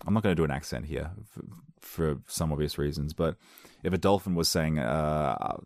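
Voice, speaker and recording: A man with a very deep voice reads odd news stories aloud and reacts to them. His talk is sarcastic and wanders into rambling asides. The recording is dry and close, with no room sound. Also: moderate pace, a little mellow, dry recording. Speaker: video host. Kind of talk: reading and reacting to weird news.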